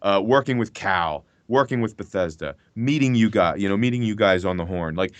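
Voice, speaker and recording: A male voice actor as a podcast guest, telling animated stories and swearing freely. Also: lowish voice, brisk, no room sound. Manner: animated storyteller, swears freely, acts out his own reactions. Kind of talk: casual podcast interview.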